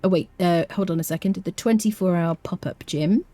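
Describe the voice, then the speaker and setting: A woman's voice: fairly low pitch, brisk, dark tone, no echo. A young woman from the United Kingdom chatting with her viewers as she streams a game live. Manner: chatty, talks to viewers in chat. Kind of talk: live-streamed gameplay commentary.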